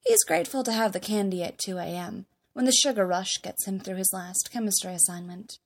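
Woman narrator, fan fiction reading, wry, expressive, medium pitch. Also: a little fast, gravelly.

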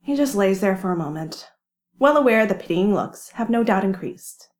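A woman reading a fan story aloud with lively, wry storytelling. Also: medium pitch, moderate pace. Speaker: reader. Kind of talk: fan fiction narration.

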